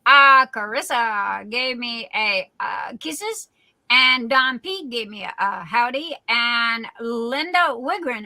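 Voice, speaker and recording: Bright-voiced, chatty woman hosting a livestream. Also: a little high, animated, takes it slowly, no echo, poor audio. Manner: chatty and silly, self-described class clown. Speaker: livestream host. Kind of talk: casual live chat reading viewer comments.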